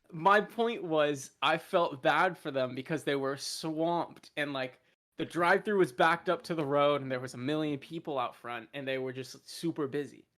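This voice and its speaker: Young male co-host, a bit high-pitched, loud and projecting, laughs easily. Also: moderate pace. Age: young adult. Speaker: podcast co-host. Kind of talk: casual chat.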